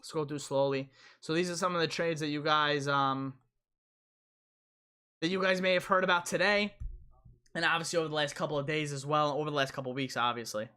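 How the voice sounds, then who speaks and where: A man's voice: fairly high pitch, fairly even intonation, a little fast, long pauses, bright, forceful tone, smooth. A young man hosting a casual live stream, rambling and repeating himself as he answers chat.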